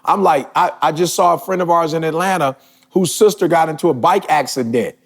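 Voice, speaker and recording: Gravelly emphatic man in his forties. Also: on the high side, a little fast. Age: 40s. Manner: emphatic, building to shouts. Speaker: podcast host. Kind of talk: casual podcast talk.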